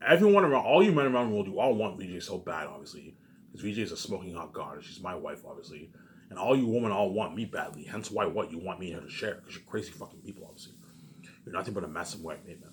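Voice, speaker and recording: A man's voice: low-pitched, expressive, fast, slight background noise. A man rambling through a casual monologue for his viewers, repeating himself often and swearing freely. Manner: rambling and repetitive, with frequent swearing. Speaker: vlogger.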